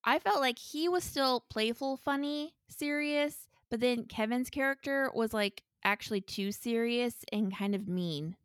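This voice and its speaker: A woman's voice: fairly high pitch, unhurried, few pauses, clean tone, dry recording, clean studio sound. A woman co-hosting a podcast, giving frank opinions in a casual chat and laughing between remarks. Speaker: podcast co-host. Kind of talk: casual movie review chat.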